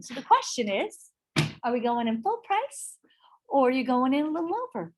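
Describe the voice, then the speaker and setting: A middle-aged woman teaching a live real estate sales class, animated and often checking in with her listeners. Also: high-pitched, moderate pace. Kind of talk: live training talk to a class.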